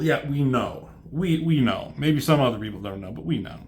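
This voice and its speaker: A man's voice: medium pitch, lively intonation, normal speed, slight background noise. A man reviewing a comic book with sarcastic, profane running commentary. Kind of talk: comedic commentary.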